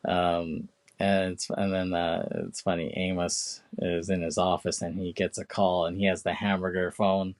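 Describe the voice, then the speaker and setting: Low-voiced man casually retelling a film. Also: flat delivery, normal speed. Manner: rambling retelling, many fillers and put-on quotes. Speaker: podcast co-host. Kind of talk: casual chat.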